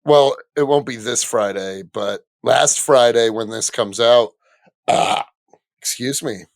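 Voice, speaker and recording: A young man, a comedian, chatting loudly and boisterously on a podcast. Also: medium pitch, slow pace, vocal fry, dry recording. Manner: loud, boisterous. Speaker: comedian guest. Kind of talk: casual chat.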